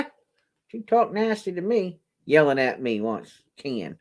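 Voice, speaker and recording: A man's voice: medium pitch, normal speed. A man hosting a casual charity auction video, chatty and exclaiming as he shows coins to viewers. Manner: animated, chatty, exclaims and jokes aloud. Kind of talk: casual show-and-tell video.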